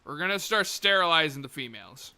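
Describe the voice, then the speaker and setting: Lively, bright-voiced male game streamer. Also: fairly high pitch, brisk, clean tone. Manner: muttering to himself, swearing, sudden excited outbursts. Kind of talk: live gameplay commentary.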